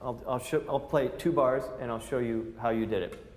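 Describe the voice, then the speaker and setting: A man's voice: mid-range voice, normal speed. A man teaching a clarinet masterclass, coaching the players with jokes and counting them in. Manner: animated, joking, coaching with counts. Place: large recital hall. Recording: roomy hall sound, faint ambience.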